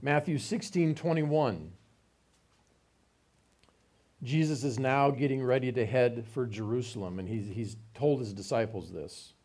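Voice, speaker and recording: A man's voice: mid-range voice, normal speed, darkish tone. A man giving a conversational Bible teaching, reading passages aloud and explaining them with informal asides.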